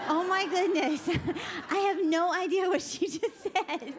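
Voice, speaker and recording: A woman's voice: high voice, unhurried. A woman speaking at a women's conference, chatty and jokey, laughing often before turning earnest in her sermon. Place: conference session hall.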